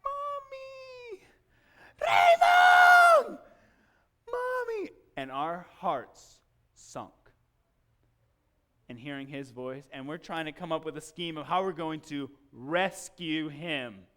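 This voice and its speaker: A male pastor giving a sermon in church, telling a personal story in an animated way and acting out the scenes. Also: fairly high pitch, unhurried, few pauses.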